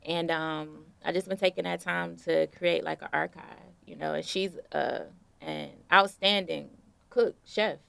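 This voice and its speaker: A young woman being interviewed, telling stories in a relaxed, casual way with plenty of fillers. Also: low-pitched, a little slow, vocal fry, clear, resonant tone, no room sound. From Detroit. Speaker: guest artist.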